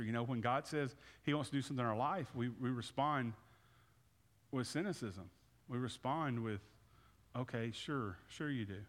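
A man's voice: medium pitch, fairly bright tone. A man in his thirties preaching a conversational sermon, with frequent restarts and repeated words as he calls people forward. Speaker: pastor. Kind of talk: sermon with altar call. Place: church sanctuary. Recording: reverberant hall.

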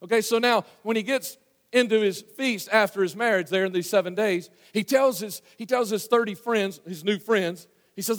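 A man preaching a sermon, telling the story in a folksy way and swinging from loud to hushed. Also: high-pitched, fairly quick. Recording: long hall reverb.

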